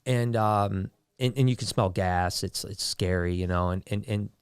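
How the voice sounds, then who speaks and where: A man's voice: lowish voice, moderate pace, clear, resonant tone, no room sound, studio quality. A man hosting a podcast, telling a story in a casual way, stumbling over repeated words and acting out the voices of people in it. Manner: animated storyteller with frequent restarts, acting out quoted voices. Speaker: podcast host.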